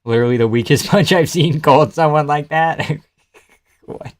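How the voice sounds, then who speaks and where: A man's voice: a little high, normal speed. A young man hosting a live fight reaction stream, reading chat aloud, swearing and laughing often as he jokes. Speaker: livestream host.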